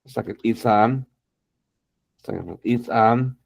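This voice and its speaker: A man's voice: mid-range voice, little pitch movement, slow, no room sound. A man teaching an English class, encouraging students and saying "okay" and "exactly" again and again. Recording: dull lo-fi sound.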